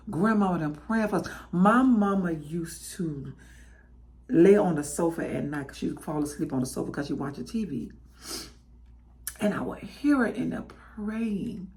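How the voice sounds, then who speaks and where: A tearful woman, hosting a podcast and reflecting in an emotional, testifying way. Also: lowish voice. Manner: emotional, testifying, addresses listeners as y'all. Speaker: podcast host. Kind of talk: heartfelt spoken reflection.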